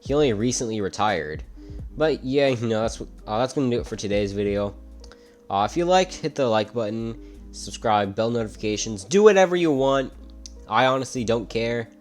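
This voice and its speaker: A man's voice: medium pitch, lively intonation, normal speed, faint music behind. A young man telling a story in casual commentary, rambling, with frequent uhs and restarts. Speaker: YouTube commentator.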